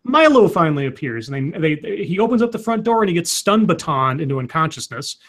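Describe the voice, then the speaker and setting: A man's voice: fairly high pitch, sing-song, quick pace, fairly bright tone. A man co-hosting a casual chat, retelling a movie scene by scene with lots of restarts and acted-out quotes. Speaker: podcast co-host recapping a movie.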